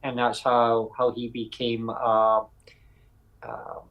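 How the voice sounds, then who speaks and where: Male podcast host from Canada; casual, halting talker who restarts often. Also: mid-range voice, completely flat delivery, creaky, dull audio. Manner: halting, many fillers and restarts.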